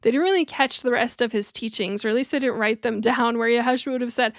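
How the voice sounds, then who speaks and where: A woman's voice: a little high, a little fast, hardly any pauses, no echo, studio quality. A woman hosting a podcast and teaching spiritual ideas in a monologue, earnest, with playful, laughing asides. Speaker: podcast host.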